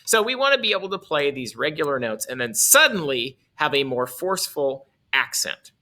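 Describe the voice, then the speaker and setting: Lively bright-voiced male music teacher. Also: a little high, moderate pace. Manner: casual, self-correcting, demonstrates on his instrument. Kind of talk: instrument lesson explaining articulation.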